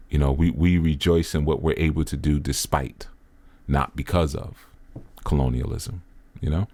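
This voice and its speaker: A man with a very low, deep voice gives an earnest commentary in the manner of a preacher, driving his points home by saying them again. He sounds close and dry, with no room around him. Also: darkish tone, dry recording. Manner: earnest, preacher-like, repeats phrases for emphasis. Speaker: spiritual teacher commenting on a video. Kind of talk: reflective commentary monologue.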